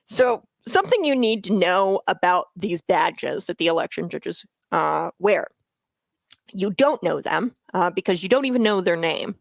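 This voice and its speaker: A woman's voice: fairly low pitch, animated, measured pace, vocal fry, dry recording. A woman hosting a political talk show, getting heated and repeating phrases for emphasis. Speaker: talk radio host. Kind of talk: opinionated political commentary.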